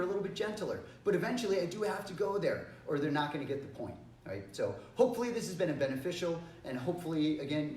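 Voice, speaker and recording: A middle-aged man teaching a kids' martial arts class on handling bullies, asking the class questions and having them repeat phrases back. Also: on the high side. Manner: encouraging, rhetorical questions, leads call-and-response drills. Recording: echoey room, voice a bit far from the mic.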